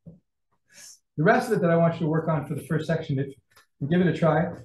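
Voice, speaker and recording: A man instructs a martial arts class at a training gym, his fairly high voice moving a little fast as he calls combinations and checks in on students, breathless. The echoey gym is heard from far away.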